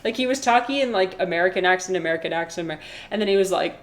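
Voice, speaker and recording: A woman's voice: on the low side, rapid-fire. A young woman livestreaming a game, chatting in a rambling, casual way while reading chat. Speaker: streamer.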